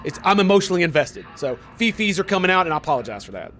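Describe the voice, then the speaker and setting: Young man, game streamer, somewhat high-pitched, heated, swearing, argumentative, rhetorical questions. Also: lively intonation, a little fast, fairly bright tone, slight background noise. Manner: heated, profane ranting at chat. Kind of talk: casual live-stream chat.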